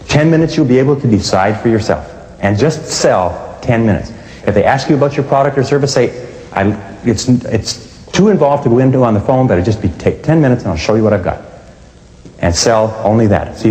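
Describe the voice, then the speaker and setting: A man's voice: medium pitch, mellow. A man giving a sales training lecture, speaking emphatically and acting out both sides of phone calls. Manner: emphatic, acts out phone dialogues. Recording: echoey hall with long reverb.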